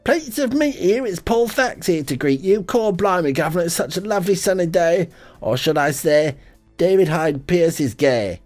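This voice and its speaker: A man putting on a squeaky cheery Cockney act. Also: animated, normal speed, darkish tone, faint music behind. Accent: put-on Cockney. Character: hammy cheery male Cockney radio persona.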